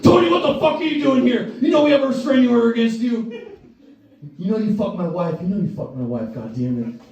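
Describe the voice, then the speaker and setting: A man voicing a furious father who yells accusations, in a raised voice during a stand-up bit. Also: a little high, sing-song, quick pace, very echoey, recorded from a distance, muffled recording, faint music behind, pitched above the performer's own voice. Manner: angry, yelling.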